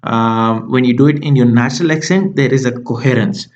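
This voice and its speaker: A man's voice: mid-range voice, brisk, a little mellow, highs cut off. A man explaining exam tips as a tutor, talking through each step with frequent ums and uhs.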